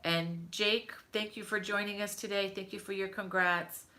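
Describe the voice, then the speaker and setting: A woman's voice: mid-range voice, steady tone, moderate pace. A middle-aged woman hosting a crochet live stream from home, chatting with viewers and greeting them by name. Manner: chatty, warm greetings to viewers, many fillers. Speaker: crochet channel host. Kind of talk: casual live-stream chat.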